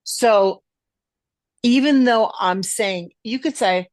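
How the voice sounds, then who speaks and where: A woman's voice: mid-range voice, animated, a little slow, no echo, studio quality. A middle-aged woman hosting a podcast in casual conversation, stressing her words emphatically. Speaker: podcast host.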